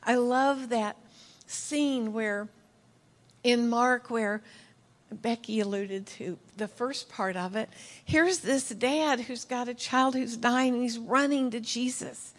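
A middle-aged woman giving a heartfelt sermon as a church speaker, telling stories earnestly and emotionally, sometimes dropping to a soft whisper. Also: a little high, slow. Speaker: church speaker leading prayer.

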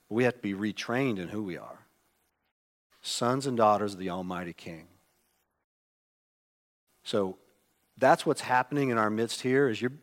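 A man preaching a sermon, emphatic, swinging between loud exclamations and hushed asides. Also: on the low side. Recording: long hall reverb.

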